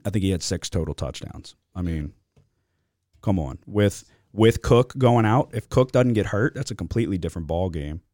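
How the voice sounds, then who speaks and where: A man hosting a sports podcast, talking casually in an animated, profane, venting way. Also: sits low, moderate pace, dry recording, studio quality. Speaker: podcast host.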